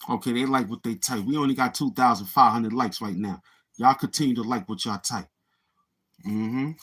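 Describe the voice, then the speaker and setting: This Brooklyn-born livestream host, a middle-aged man, chats casually with viewers, firing back in street slang and saying things more than once. His pitch is medium and his pace moderate, with a fairly bright yet husky tone.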